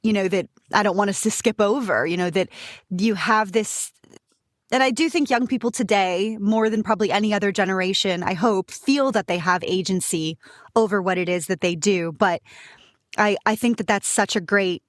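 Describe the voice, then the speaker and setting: A woman's voice: medium pitch, moderate pace, no echo, clean studio sound. A woman co-hosting a podcast, chatting eagerly about film music and often restarting her sentences. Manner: enthusiastic, rambling with many restarts. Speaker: podcast co-host. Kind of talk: casual podcast chat.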